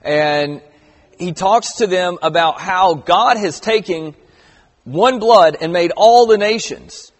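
A middle-aged man delivers a sermon with a rather high voice, easygoing yet stressing key phrases hard as he reads scripture aloud. His voice carries a long reverb, as if in a large hall. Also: slow pace. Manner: conversational preaching with emphatic stresses and scripture reading. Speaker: pastor.

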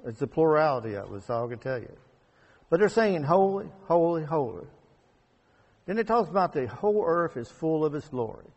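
A man preaching a sermon with a fairly high voice. He talks conversationally, then surges into emphatic peaks before falling back to quiet asides. A long reverb trails behind his words. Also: big pitch swings, quick pace, slightly rough, muffled recording.

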